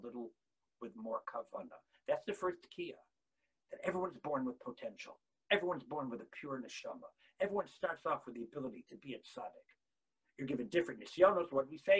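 A man giving an impassioned sermon, swinging from shouts down to near-whispers and acting out the voices he quotes. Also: on the high side, breathy edge, rough recording. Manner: acts out quoted voices and excuses.

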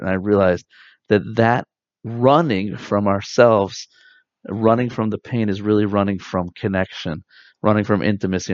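A man, likely in his thirties, giving an earnest, reflective spiritual talk with soft pauses. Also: lowish voice, no echo. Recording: dull dry lo-fi sound.

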